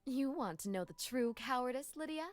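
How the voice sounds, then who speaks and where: A woman voicing an earnest young woman in a game, gently persuading a friend and reciting scripture. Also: high-pitched, lively intonation, normal speed, very noisy. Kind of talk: video game voice acting.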